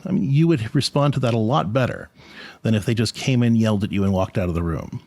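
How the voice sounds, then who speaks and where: A man's voice: fairly low pitch, quick pace, dark tone, no echo. A middle-aged man hosting a podcast, giving an earnest, conversational reflection on faith and parenting. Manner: earnest, conversational, repeats words when restarting. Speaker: podcast host, Catholic family counselor.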